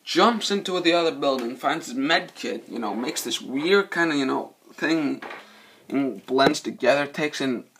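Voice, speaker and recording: Excitable cursing dude rambling about a movie, gravelly and bright, a bit of hiss behind him. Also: male voice, mid-range voice, unhurried. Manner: profane, excitable, loses his train of thought. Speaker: movie reviewer. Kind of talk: casual rambling movie review.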